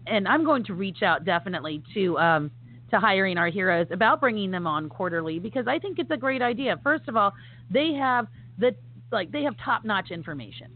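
A woman co-hosts a casual podcast chat in a medium-pitched, animated voice at a brisk pace. She talks with enthusiasm and emphasis and uses many fillers. The audio sounds phone-like, with faint noise.

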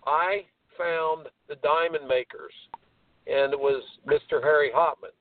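A man in his seventies, a tennis coach, telling a lively story on a radio talk show and acting out the quoted voices. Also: fairly high pitch, measured pace, slight background noise. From American Midwest. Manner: animated storyteller, acts out quoted voices, laughs. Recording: tinny phone line, distant.

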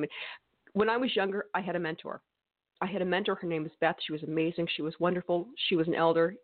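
A woman with a lowish voice co-hosts a podcast, emphatic, scolding and opinionated, with the odd laugh in the casual chat. The sound is dry and tinny, like a phone.

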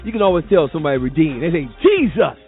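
A man with a Southern US accent hosts a Sunday morning gospel radio show, playful and calling out loudly now and then. His pitch swings widely and sits a bit high. The sound is thin and tinny, like over a phone line. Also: lively intonation, racing, soft background music. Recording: tinny phone-like broadcast audio.

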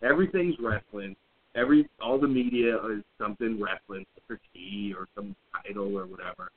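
A man co-hosting a podcast, telling a story in casual chat with blunt, profane, animated delivery. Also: fairly low pitch, brisk. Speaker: podcast co-host. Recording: tinny phone-like audio.

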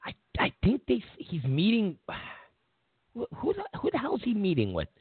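A man's voice: sits high, wildly swooping pitch, normal speed, slightly rough, no room sound. A man hosting a political talk show, speaking casually and sarcastically, repeating himself and chuckling as he mocks his opponents. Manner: sarcastic, mocking, repeats phrases, chuckles often. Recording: tinny phone-like audio.

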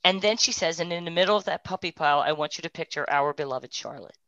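A woman sharing a heartfelt personal testimony, moving between hushed, tearful moments and animated, laughing bursts. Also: deep voice, fast, no room sound. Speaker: guest sharing a personal story. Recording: dry, dull lo-fi sound.

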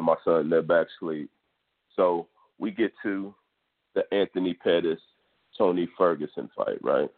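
Texan dude rambling about a fight, cussing a lot, low voice. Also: male voice. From Texas, US. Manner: loose, profane sports storytelling. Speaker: podcast host. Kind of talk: casual monologue. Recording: tinny phone-like audio.

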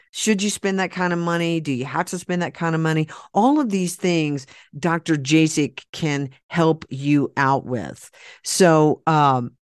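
A man's voice: a little high, clear, resonant tone, no echo, clean studio sound. A man from Oklahoma with an Oklahoma accent, hosting a podcast in a blunt, folksy, rambling way. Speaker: podcast host. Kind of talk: casual chat with a guest, then a sponsor plug.

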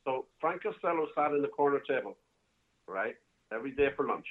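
A man who runs a bar calls in from home and, over a tinny line, rambles through a long casual story with many restarts and fillers. His mid-range voice is brisk with lively intonation.

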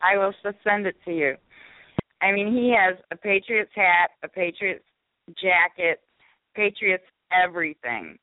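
A woman's voice: on the low side, unhurried, no echo. A woman calling in to a radio show, chattily telling a story with frequent giggles. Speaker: caller and co-host. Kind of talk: casual storytelling. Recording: tinny phone line.

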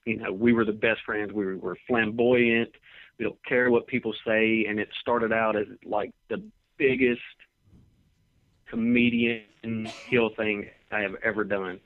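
A man with a somewhat low voice tells long, laid-back anecdotes in a casual interview. He comes through a narrow, phone-like line. The sound is dry and close, with no room around it. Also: steady tone, a little slow, no echo. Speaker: professional wrestler guest.

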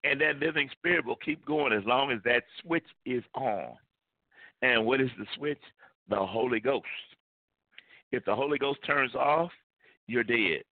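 A man's voice: medium pitch, measured pace, no room sound. A male pastor preaching a sermon with emphasis, repeating key phrases. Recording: tinny phone-like line, dry.

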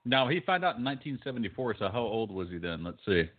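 A man's voice: lowish voice, very animated, fast talker. A man co-hosting a podcast in casual chat, dry and profane, reading lookups aloud. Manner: dry, swearing, reads search results aloud. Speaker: podcast co-host. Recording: phone-like narrow sound.

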